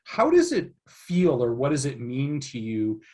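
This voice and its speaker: A man's voice: mid-range voice, wildly swooping pitch, measured pace, warm tone. A man hosting an interview podcast, asking long, enthusiastic, rambling questions. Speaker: podcast host. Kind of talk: casual interview.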